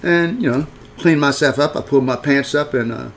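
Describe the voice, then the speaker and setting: A man's voice: medium pitch, brisk, a little hiss or hum. A man telling a personal story in a frank, rambling folksy way, full of restarts. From rural upbringing.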